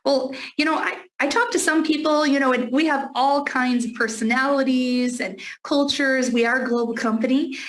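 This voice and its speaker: A woman's voice: high-pitched, steady tone, normal speed, few pauses, low-quality recording. A woman hosting an interview, affirming her guest and asking follow-up questions. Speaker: interview host. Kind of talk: conversational interview.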